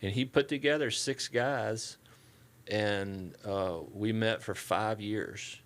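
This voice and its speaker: A middle-aged man with a Southern US accent, a church staff member telling relaxed, folksy stories in an interview and acting out the dialogue. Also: lowish voice, slow pace. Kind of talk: casual storytelling interview.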